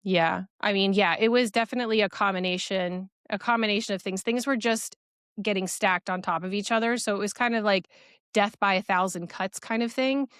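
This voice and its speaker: Woman, young adult, podcast guest, earnest rapid storytelling, fillers, smooth tone. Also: medium pitch, fairly even intonation, fairly bright tone, dry recording, studio quality. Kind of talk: personal storytelling in a podcast interview.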